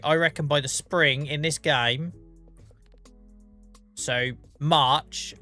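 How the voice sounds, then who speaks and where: Chatty Norfolk man streaming, bright voice. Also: fairly high pitch. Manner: chatty, self-mocking, laughs often. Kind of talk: casual live-stream chat while gaming.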